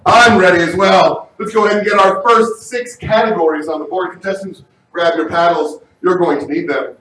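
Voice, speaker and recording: Loud, high-voiced game show host man. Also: normal speed. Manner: loud, energetic, often shouting. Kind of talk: live game show hosting. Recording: echoey room, distant mic.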